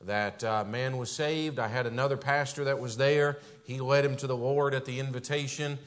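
A man from the northern United States speaks as a visiting pastor in a church sanctuary. His voice sits in a middle range, and he leans on "and, uh" between phrases. When he exhorts, he gets louder and climbs higher. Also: fairly even intonation, moderate pace. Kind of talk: church pulpit greeting and testimony.

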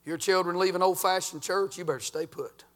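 Older man, pastor preaching, bright voice, fairly high. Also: steady tone, a little fast. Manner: folksy preaching, swinging from loud to quiet. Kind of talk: sermon.

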